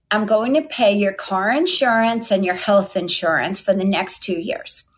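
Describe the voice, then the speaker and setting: A middle-aged woman, a company founder, telling a long story from her past in a chatty, lively way, acting out the voices of people she quotes. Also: mid-range voice, normal speed, few pauses. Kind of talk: storytelling interview answer.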